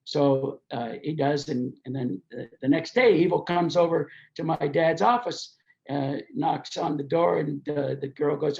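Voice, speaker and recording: A man's voice: fairly high pitch, measured pace, creaky, dull audio. An older man, a race promoter, telling anecdotes as a podcast guest and acting out the voices of the people in his stories. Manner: animated, acts out quoted voices while telling anecdotes. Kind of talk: storytelling in a podcast interview.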